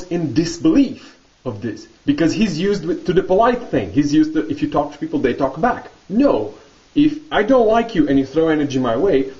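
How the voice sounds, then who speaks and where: A man vlogging, telling a story in a casual, animated monologue and laughing often. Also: high voice, far from the mic, lo-fi sound.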